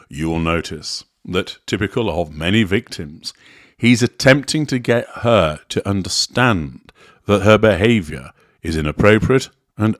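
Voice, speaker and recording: Man, analytical commentary, measured and deliberate, low voice, dry close sound. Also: no room sound. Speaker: commentator on narcissism.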